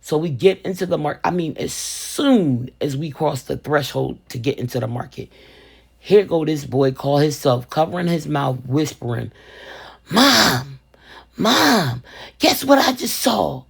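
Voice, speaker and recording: A woman's voice: deep voice, moderate pace, vocal fry, warm tone, slightly rough. An older woman hosting a crafting vlog, telling a story in a sassy, playful way and calling herself Mama. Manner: sassy, playful, calls viewers baby and sugar, refers to herself as Mama. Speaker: resin crafting video host.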